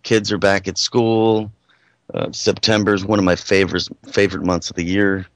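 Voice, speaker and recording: A man from New York, working as a radio producer, talking casually in a rambling, halting way with lots of filler. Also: sits low, flat delivery, no echo. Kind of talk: casual live radio chat.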